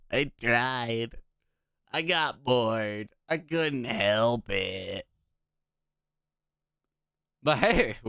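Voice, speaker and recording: Blunt, profane gaming commentator. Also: male voice, on the high side, a bit bright, smooth, no room sound, clean studio sound. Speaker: gaming video host. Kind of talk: casual gameplay commentary.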